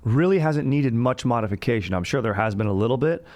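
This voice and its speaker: This male podcast host talks fast with lively intonation, his medium-pitched voice carrying a darkish tone. His casual, comedic history chat rambles and jokes along, thick with bro slang and repeated "dude" asides.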